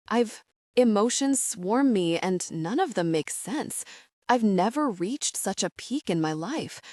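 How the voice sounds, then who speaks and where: A woman reads a first-person romance audiobook in an intimate, measured way. Her voice is mid-range and a little mellow, captured in a dry, studio-quality recording.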